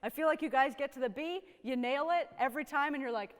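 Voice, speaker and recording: A woman's voice: high voice, fast talker, long reverb tail. A woman horn teacher coaching young players in a rehearsal, upbeat and encouraging, often checking in with "right?". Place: rehearsal room with young musicians.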